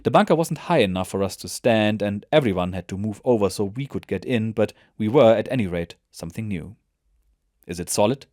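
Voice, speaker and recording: A man reads a soldier's memoir aloud in a measured, steady way. His voice is low, and the recording is dry and close. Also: dry recording. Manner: measured, even narration. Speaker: narrator. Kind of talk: audiobook memoir reading.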